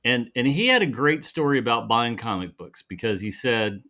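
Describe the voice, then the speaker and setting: On a laid-back live chat show, a podcast co-host with a mid-range voice spins a long story at a normal pace, vividly performing the quoted voices of its characters.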